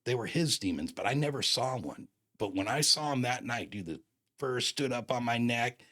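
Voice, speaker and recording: A man's voice: mid-range voice, animated, normal speed, bright, forceful tone. A man in his fifties telling a personal story in a casual, slangy, emphatic way, acting out the dialogue. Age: 50s.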